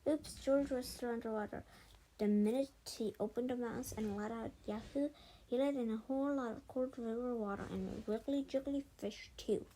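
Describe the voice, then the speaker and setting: A woman with a fairly high voice reads a children's storybook aloud. Her narration is expressive and lively, with the odd stumble and restart left in. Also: moderate pace, slight background noise, rough recording. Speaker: storybook reader.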